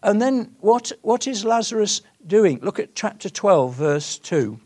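This is a man in his sixties preaching a sermon. His voice sits a little higher than most men's, and he swings between loud, emphatic lines and hushed, searching questions. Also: sing-song, unhurried. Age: 60s.

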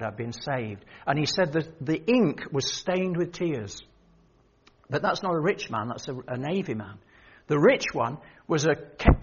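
An older man preaches and tells stories, voicing the people in them as he goes. His voice is a little high and husky. The recording sounds muffled and lo-fi. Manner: storytelling, quoting others, rising emphasis. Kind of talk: sermon with anecdotes. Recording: dull lo-fi sermon recording.

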